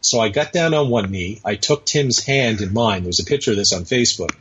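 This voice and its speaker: A man's voice: fairly low pitch, fairly quick, a bit bright, slight background noise. A man chatting as a podcast guest, telling a long anecdote in a rambling way with many hesitations, on dull lo-fi audio. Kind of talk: casual storytelling conversation.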